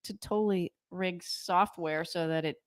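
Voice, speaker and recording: Playful teasing woman, lowish voice. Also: steady tone, measured pace, no echo, studio quality. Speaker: podcast co-host. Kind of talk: casual chat over drinks.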